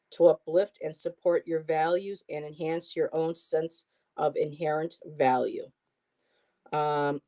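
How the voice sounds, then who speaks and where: A woman co-hosting a livestream, chatting with viewers and reading tarot cards aloud with casual asides. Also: lowish voice. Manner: chatty, warm-hearted, reads card text aloud with asides. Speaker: tarot reader and livestream co-host.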